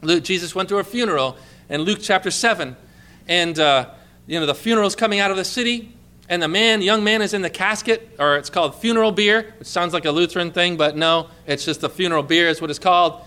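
High bright-voiced male preacher. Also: smooth. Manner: emphatic preaching, reads scripture aloud with rising intensity. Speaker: pastor. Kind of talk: sermon.

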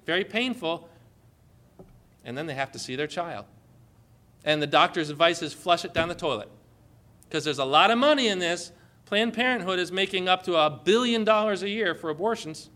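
A man preaching a sermon with passion, building to emphatic, forceful proclamations. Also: high-pitched, brisk.

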